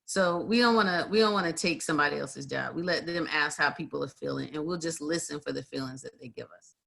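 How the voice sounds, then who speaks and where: A woman co-hosting a livestream as a community mediator, chatting casually and telling stories with animated acted-out quotes over a video call. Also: deep voice, fast, vocal fry. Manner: animated storyteller, acts out quotes, many fillers. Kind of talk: casual conversational chat.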